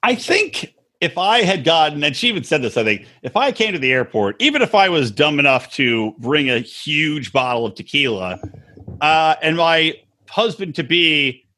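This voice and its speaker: A man's voice: fairly high pitch, very animated, normal speed, sharp tone. A man co-hosting a casual podcast, crude and mocking, who acts out the people he quotes in silly voices. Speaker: podcast co-host. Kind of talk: casual chat.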